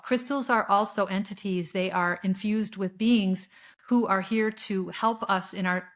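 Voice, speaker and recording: Earnest rambling woman podcaster. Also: medium pitch. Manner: earnest, rambling, with frequent fillers and restarts. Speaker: podcast host. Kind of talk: spiritual monologue.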